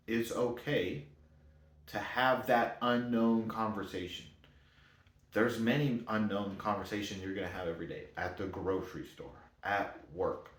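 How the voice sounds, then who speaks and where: A low-voiced motivational speaker talks a little slowly, with fairly even intonation, in a reverberant room. It's a casual monologue of loose, meandering sentences that he often corrects mid-thought.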